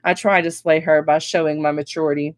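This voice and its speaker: Woman reading her novel aloud, lowish voice. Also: brisk, no room sound. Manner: expressive first-person storytelling. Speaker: author reading her book.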